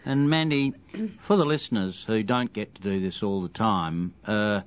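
A man's voice: on the low side, lively intonation, unhurried. An Australian man hosting a radio interview, asking questions with hesitant fillers. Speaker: radio host. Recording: dull lo-fi radio broadcast.

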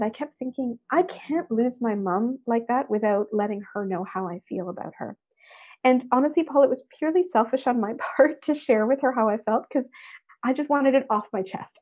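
A middle-aged woman, a guest in an interview, telling a personal story with lively expression. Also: fairly high pitch. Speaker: interview guest, workshop speaker.

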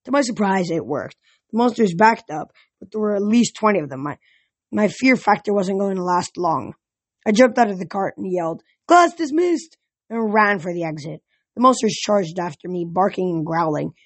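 Husky, stumbling amateur reader. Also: mid-range voice, moderate pace, no echo. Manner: stumbling over words and restarting. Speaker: audiobook reader. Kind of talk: amateur audiobook narration.

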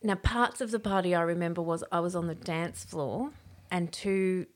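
A middle-aged woman, telling a story in casual chat, animated and laughing as she acts out quotes. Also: on the low side, normal speed.

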